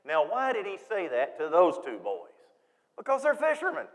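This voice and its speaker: A man preaching a sermon in a church, folksy and animated, acting out quoted voices. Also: high voice, moderate pace. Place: church sanctuary. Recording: long reverb of a church hall.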